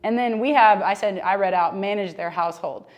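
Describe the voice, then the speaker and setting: A woman's voice: medium pitch, a little fast, dull audio. Chatty woman leading a Bible discussion. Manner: animated, conversational, heavy use of "like". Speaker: Bible study discussion leader. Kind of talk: casual teaching discussion.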